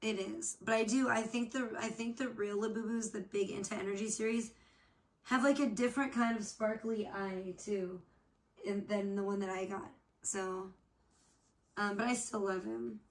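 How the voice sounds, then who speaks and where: A woman's voice: mid-range voice, steady tone, normal speed. A woman hosting a casual livestream chat off camera, rambling to her viewers, swearing freely and trailing off with "I don't know.". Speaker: livestream host. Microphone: off camera, not seen.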